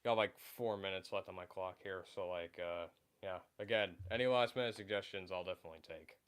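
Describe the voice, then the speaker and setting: Low-voiced man rambling on a livestream. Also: brisk, a bit bright, clean tone. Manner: rambling, many fillers and restarts. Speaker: livestream host. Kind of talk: casual livestream chat.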